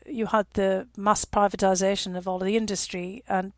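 A woman in her fifties from northeast England, with a Northeast English accent, answering interview questions in a reflective way, often filling pauses with "you know" and laughing wryly. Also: medium pitch, little pitch movement, no echo. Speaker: guest.

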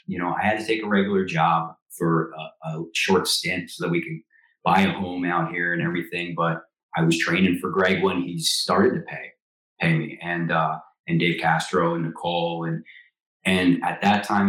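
Low-voiced former Marine telling stories. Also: male voice. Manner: animated storyteller, acts out quotes. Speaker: guest, former Marine officer. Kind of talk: casual storytelling interview. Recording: roomy echo.

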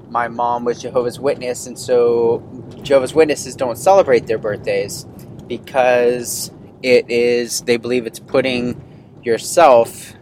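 A man in his thirties hosts his own podcast and talks through a story with a loose, meandering flow. He circles back, trips over his words and fills his pauses with "um" and "like". His pitch sits at an ordinary middle height, and a faint hiss runs underneath. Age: 30s. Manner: rambling, many fillers and restarts. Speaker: podcast host. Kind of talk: casual personal storytelling.

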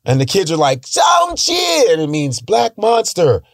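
A man's voice: on the high side, lively intonation, moderate pace, vocal fry, a little mellow, no echo, clean studio sound. A man talking in a loose, profane casual chat, breaking into voices and accents now and then. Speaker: stand-up comedian guest.

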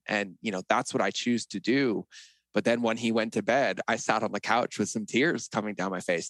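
A man's voice: lowish voice, moderate pace, fairly bright tone, dry recording. A middle-aged man as a podcast guest, telling personal stories in an earnest, reflective way. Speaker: interview guest. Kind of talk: conversational interview.

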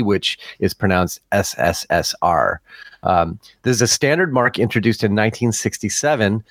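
A man's voice: on the low side, dry recording. A man co-hosting a podcast, casually reading out listener comments with many uhs and little chuckles. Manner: easygoing, chuckling, hesitant with uh and um. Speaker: podcast co-host.

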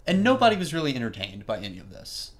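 Lively man telling a story. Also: mid-range voice, fast talker. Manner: animated storytelling, acts out quoted lines. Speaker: podcast co-host. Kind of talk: casual chat.

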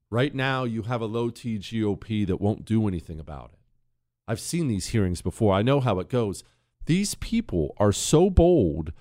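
A middle-aged man hosting a radio talk show, delivering an opinionated, sarcastic monologue. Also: mid-range voice. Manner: animated, sarcastic, mocks others in put-on voices.

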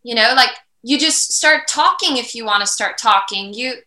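A woman speaks in a conversational interview with a very bright, slightly high voice. She is reflective and animated and at times acts out inner voices. The room around her is echoey. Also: moderate pace. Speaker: podcast guest.

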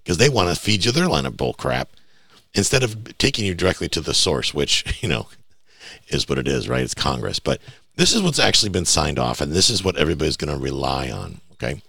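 Man, podcast host, gravelly, lively swings, blunt emphatic rant. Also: very deep voice, brisk, no echo. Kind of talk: casual podcast monologue.

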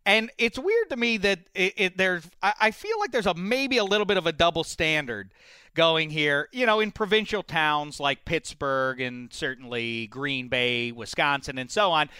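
A casual sports talk host with a high, bright voice that sits forward. His speech comes across smooth and clear, with quick asides and a relaxed, chatty flow, recorded dry and close. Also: dry recording. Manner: chatty, quick asides, slips into a playful mock English accent.

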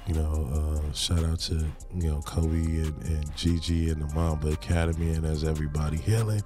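A man in his forties hosting a podcast, telling stories in an animated, slangy way and laughing often. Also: a bass voice, moderate pace, music in the background. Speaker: podcast host. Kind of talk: casual storytelling chat.

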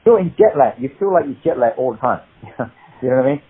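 A man telling animated, rambling stories in an interview. His voice is husky and comes through a thin, phone-like line. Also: mid-range voice, quick pace. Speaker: guest, martial arts actor. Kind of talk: anecdotal interview chat.

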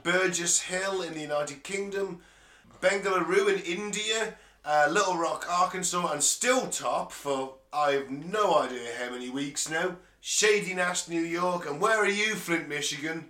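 Man, podcast co-host, bright tone, slightly high voice, echoey room, frequent laughs. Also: unhurried. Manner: laughs often, swears freely. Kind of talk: casual podcast chat and news reading. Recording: roomy echo.

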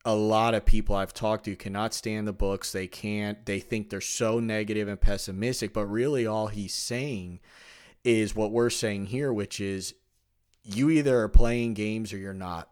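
A man with a fairly low voice hosts a podcast chat. He talks loosely and with feeling, circling back and restarting his sentences as he goes. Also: a little slow, clear, resonant tone. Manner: rambling, animated, frequent restarts. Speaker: podcast host. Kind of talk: casual conversation.

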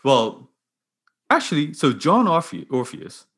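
Bright-toned casual male interviewer. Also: on the high side, huge pitch swings, husky. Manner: casual, slangy, quick questions.

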